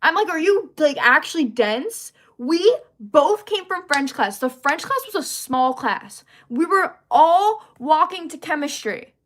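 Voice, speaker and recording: A woman's voice: high-pitched, a little slow, hardly any pauses. Chatty young woman livestreaming. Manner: animated, chatty, greets viewers mid-story. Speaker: livestream host. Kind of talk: casual storytelling livestream.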